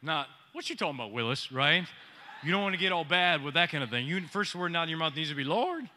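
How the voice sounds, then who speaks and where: A man's voice: fairly high pitch, fairly quick. A man preaching a sermon as pastor, joking with the congregation and asking them questions. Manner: joking, animated preaching with audience call-outs.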